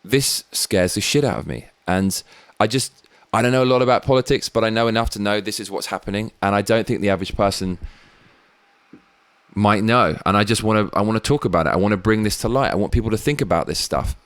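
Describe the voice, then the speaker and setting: This man from Britain, hosting his own program, talks fast in a lowish voice. He gives blunt, foul-mouthed political commentary with rambling digressions, and the recording is dry.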